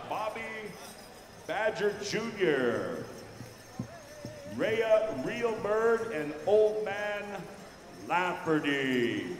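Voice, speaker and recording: A man working as pow wow announcer, briskly giving instructions to drum groups and judges over a microphone in a large indoor arena. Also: sits high, a little hiss or hum. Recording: echoey arena PA from far off.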